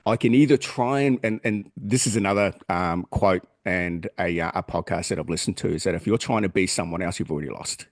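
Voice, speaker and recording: A man's voice: sits low, fairly quick, hardly any pauses, no room sound, studio quality. An Australian man co-hosting a podcast, talking in a blunt, earnest way and swearing freely. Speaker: podcast co-host. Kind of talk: casual chat.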